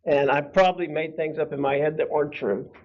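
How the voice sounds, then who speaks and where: A man in his fifties tells a personal story to a church class in a casual, conversational way, stopping to laugh and to put questions to his listeners. His voice sits a little high for a man. The recording is muffled and lo-fi. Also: fairly even intonation, fairly quick. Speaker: Bible class teacher. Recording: dull lo-fi room recording.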